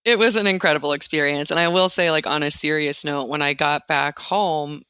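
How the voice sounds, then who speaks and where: A woman from Nebraska, a teacher and interview guest, telling stories animatedly and acting out quotes with big jumps in pitch. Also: steady tone, brisk, pushed and bright, clear, resonant tone, no echo. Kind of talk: casual interview storytelling.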